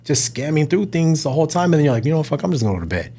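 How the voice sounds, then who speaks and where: A man's voice: fairly high pitch, rapid-fire, breathy edge. A man in his thirties, a restaurant owner, chatting casually as a podcast guest and acting out little phone conversations. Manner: relaxed, acts out little phone conversations in quotes. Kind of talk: casual chat.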